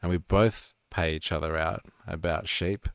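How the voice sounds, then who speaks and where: A man's voice: low voice, steady tone, a little slow, a bit bright, clean tone, dry recording, studio quality. A man with an Australian accent hosting a live stream, talking casually with sarcasm and plenty of swearing. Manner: sarcastic, swears freely, rambling.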